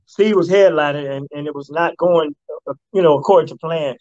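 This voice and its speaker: Relaxed male comedian telling stories. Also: fairly high pitch, brisk, no echo, lo-fi sound. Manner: laid-back storyteller who slips into mock voices. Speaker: guest comedian. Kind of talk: casual storytelling on a radio talk show.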